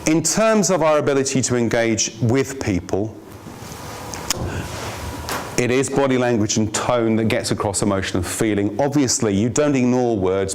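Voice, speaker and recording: Man, trainer, lively, jokey, mid-pitched voice, noisy room. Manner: lively, jokey, asks the audience. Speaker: business trainer. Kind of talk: workshop presentation.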